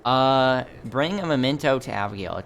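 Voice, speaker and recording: A man's voice: mid-range voice, animated, moderate pace, gravelly, a bit bright, slight background noise. A man commenting on a video game as he plays, musing aloud with wry jokes. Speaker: gaming channel host. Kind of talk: let's play commentary.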